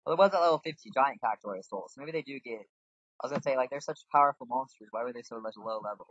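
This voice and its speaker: A gaming channel host, a man with a mid-range, fairly bright, slightly rough voice, talks at a quick pace through a casual let's-play. He rambles, makes fun of himself, and thinks aloud while he plays. The dry mic gives a dull, lo-fi sound.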